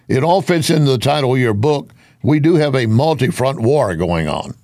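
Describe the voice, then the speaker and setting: A man's voice: mid-range voice, lively intonation, normal speed, a little mellow, no room sound, clean studio sound. A man hosting a radio talk interview, chatting with his guest and cutting in to push back. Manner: conversational, interjects and pushes back.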